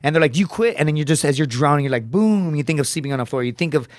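A man, a comedian and former Marine, telling a rough story on a podcast in blunt, profane language. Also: on the high side, no room sound. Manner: profane, rapid, animated storytelling.

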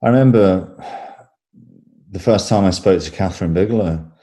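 A man with an English accent, an actor being interviewed, talking in a relaxed way with fillers and repeated words. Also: low-pitched, moderate pace. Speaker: actor guest. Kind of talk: casual interview chat.

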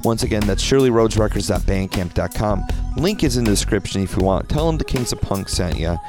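A man's voice: lowish voice, lively intonation, a little fast. Young man, podcast host, rambling, swearing, music behind. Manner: rambling, swears often, many fillers. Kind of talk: casual podcast chat.

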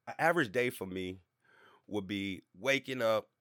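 A man's voice: lowish voice, normal speed, fairly bright tone, dry recording, studio quality. Laid-back slangy man telling a story. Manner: laid-back, slangy, repeats fillers and asides to the listener. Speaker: podcast host. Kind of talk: casual storytelling monologue.

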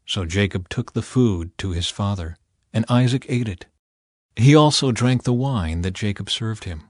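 A man's voice: on the low side, animated, a little mellow, no echo. Man reading scripture, dry close sound. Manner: measured, clear storytelling. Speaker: narrator.

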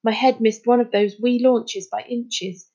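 A woman's voice: fairly high pitch, fairly even intonation, unhurried, muffled recording. A woman doing an urgent young boy. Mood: determined. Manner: pleading, forceful.

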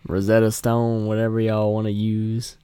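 A man's voice: lowish voice, monotone, normal speed, mellow, smooth. A man hosting a podcast, rambling and swearing in casual chat. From North Carolina. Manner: rambling, profane, joking. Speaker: podcast host.

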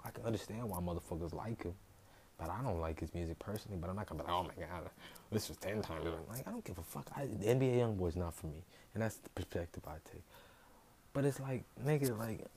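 A man ranting heatedly about music to camera, swearing constantly, swinging between low mutters and loud outbursts. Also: slight background noise. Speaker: vlogger. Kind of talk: profane music rant to camera.

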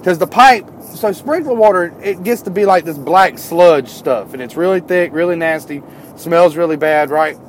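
High-voiced man spinning animated work stories. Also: normal speed, a little hiss or hum. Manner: animated, climbs higher and louder when worked up. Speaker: tradesman telling work stories. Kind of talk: casual storytelling.

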